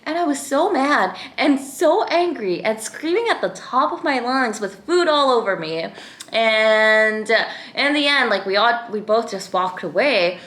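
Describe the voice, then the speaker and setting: A young woman chats into the camera, retelling her day with plenty of fillers and animated turns. Her voice is bright and carries a clear ring. The room around her sounds echoey. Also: fairly high pitch, measured pace. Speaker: vlogger. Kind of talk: casual vlog storytelling.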